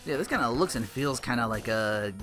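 Casual male let's-player, middle pitch, profane and rambling, music underneath. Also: animated, a little fast, fairly bright tone. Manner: rambling, profane, joking asides. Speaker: let's play host. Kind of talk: casual gameplay commentary. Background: game music.

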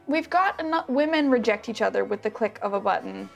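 A young adult woman hosting a casual reaction vlog to camera, bubbly and self-teasing, tossing in quick asides and laughs. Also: fairly high pitch, animated, vocal fry, soft background music. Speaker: YouTube reaction host.

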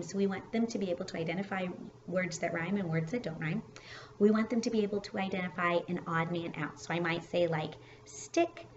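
A woman kindergarten teacher talking casually to parents from home, relaxed and chatty, with many fillers and restarts. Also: fairly low pitch, a little fast, highs cut off, a little hiss or hum.

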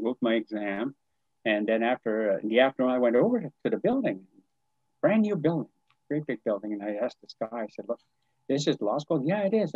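A man's voice: mid-range voice, no echo, highs cut off. An older man from New Brunswick, Canada, a podcast guest telling a story from his life and acting out the dialogue with frequent chuckles. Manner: animated, acts out quoted dialogue, chuckles often. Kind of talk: storytelling in conversation.

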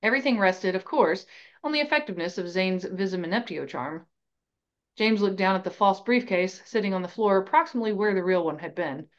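A woman podcast host reading a fan novel aloud in an even, steady storytelling voice, on a slightly dull recording. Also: medium pitch, fairly quick.

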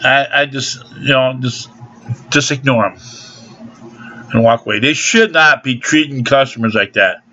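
A man's voice: mid-range voice, unhurried, pauses often, bright, forceful tone, a little hiss or hum. An older man delivering a rambling, profane, aggrieved rant into a home video camera. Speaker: vlogger. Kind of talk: angry ranting monologue. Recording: dull lo-fi home video sound.

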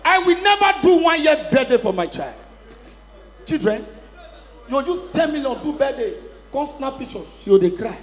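Nigerian comedian guy on stage, really high voice, yelling his punchlines in pidgin, big echoey hall. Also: very animated, normal speed, long pauses. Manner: shouted punchlines in pidgin English. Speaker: stand-up comedian. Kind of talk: stand-up comedy routine. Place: live show venue with audience. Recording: echoey hall, long reverb.

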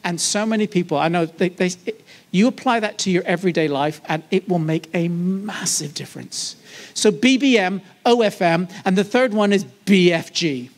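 A man preaching to a church congregation in a lively, conversational way, joking and asking the audience questions. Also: high-pitched, moderate pace. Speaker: guest preacher. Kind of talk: sermon. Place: church service.

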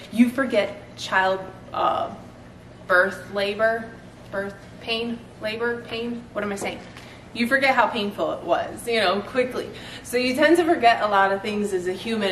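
A woman's voice: medium pitch, a bit bright, distant mic. A woman in her thirties chatting casually in a vlog, laughing often as she talks. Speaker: fitness vlogger. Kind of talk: casual chat. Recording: roomy sound from off-mic, faint noise.

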